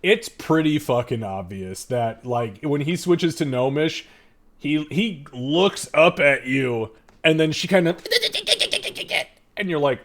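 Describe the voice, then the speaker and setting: A man's voice: on the high side, lively intonation, slow pace. A man narrating as game master in a loose, casual way, full of fillers.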